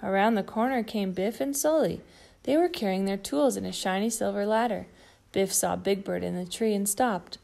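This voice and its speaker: A woman narrating a children's storybook in a gentle, steady way. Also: medium pitch, normal speed, gravelly. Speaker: storybook reader.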